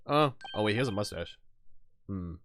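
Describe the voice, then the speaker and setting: A man chatting through a story game stream, playful and self-deprecating. His pitch moves in a lively, animated way. Faint game music sits behind him. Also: normal speed. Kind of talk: casual game let's-play commentary.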